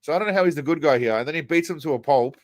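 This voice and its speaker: A man's voice: on the high side, racing, no room sound. A man hosting a casual livestream, commenting on clips in a crude, mocking, rambling way. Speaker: livestream host.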